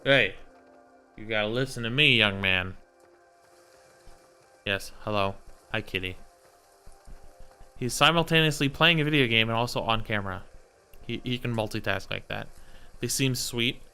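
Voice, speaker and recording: Chatty, bright-voiced male game streamer. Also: fairly low pitch, moderate pace, long pauses, smooth, faint music behind. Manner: rambling, chatty, talks to his cat. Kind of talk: casual live-stream gameplay chat.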